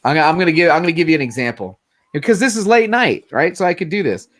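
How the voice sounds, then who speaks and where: Forty-something guy hosting a late night stream, voice jumps all over, kinda high, laughs a lot. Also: fast, crowd noise. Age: 40s. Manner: animated, laughs often, swears freely. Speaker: livestream host. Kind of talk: casual late-night chat.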